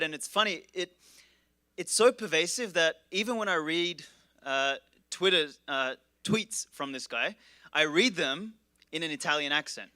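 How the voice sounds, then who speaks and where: A man with a bright, clear voice introduces the next speaker at a conference. His delivery is casual and irreverent, full of crude jokes, and his sound is dry and close. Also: on the high side, animated, measured pace, no echo. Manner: irreverent, joking and profane. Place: conference stage.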